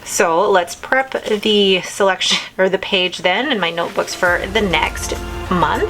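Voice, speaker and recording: A woman's voice: medium pitch, measured pace, music in the background, poor audio. A woman in her thirties hosting a casual video, chatting enthusiastically and rambling a little as she talks through her things. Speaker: vlog host. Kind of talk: casual chat.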